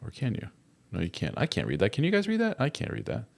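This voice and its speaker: A man's voice: medium pitch, huge pitch swings, fast, gravelly. A middle-aged man hosting a casual live-stream chat, jokey and chatty as he greets viewers and reads their comments aloud. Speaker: host of a live chat show.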